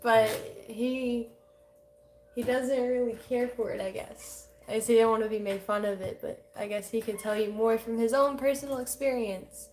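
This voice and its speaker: A woman's voice: fairly high pitch, fairly even intonation, moderate pace, a little mellow, a little hiss or hum. A woman in her twenties co-hosting a casual livestream, reading viewer comments aloud in a loose, chatty way. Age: 20s. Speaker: livestream co-host reading chat.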